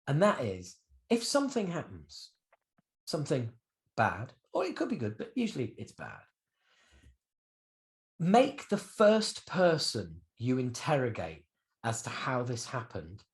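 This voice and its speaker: A man's voice: unhurried, long pauses. A man in his fifties, a guest musician telling stories animatedly in a candid interview, swearing freely. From United Kingdom. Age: 50s. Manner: animated storyteller with swings in pitch and loudness, swears freely.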